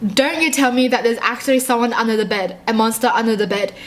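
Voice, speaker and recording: A young woman reading short horror stories aloud and reacting in a jumpy, excitable way, often laughing. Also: a little high, fast, a little hiss or hum.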